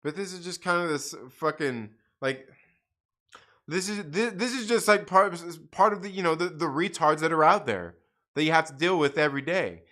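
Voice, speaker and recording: A man's voice: fairly high pitch, lively intonation, moderate pace, pushed and bright. A man hosting a casual livestream, swearing a lot, laughing and ranting at chat comments with lots of repeats. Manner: profane, laughing, repetitive ranting. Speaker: livestream host.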